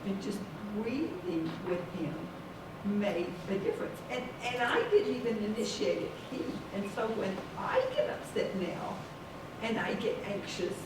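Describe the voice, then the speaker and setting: A woman's voice: mid-range voice, a little slow. A woman in the audience sharing a personal story, hesitating and restarting often. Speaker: audience member. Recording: echoey room, far from mic, background noise.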